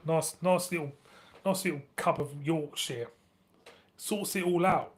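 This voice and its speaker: Northern English man in middle age, loose chatty live-stream host, laughs a lot, curses casually, voice sits a bit high. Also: a little slow, a little hiss or hum. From northern England. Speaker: beer review channel host.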